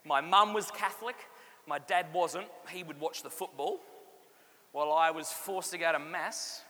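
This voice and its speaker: A man's voice: on the high side, moderate pace. A man, giving a humorous faith testimony to a live audience and acting out the characters. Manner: animated storyteller, acts out voices and jokes. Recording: long hall reverb, faint room noise.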